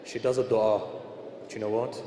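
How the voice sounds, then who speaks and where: A man's voice: on the low side, flat delivery, normal speed. A male preacher telling traditions in an emotional sermon, speaking straight to his listeners and voicing the people in the stories. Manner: addresses listeners directly, retells traditions with quoted dialogue. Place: large indoor shrine hall. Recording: roomy hall echo, background noise.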